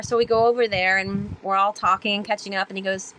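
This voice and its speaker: Animated woman telling stories full of fillers. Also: fairly high pitch, quick pace, hardly any pauses, slight background noise, rough recording. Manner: animated, rambling storytelling with many fillers. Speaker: guest, sailor and author. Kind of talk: conversational storytelling interview.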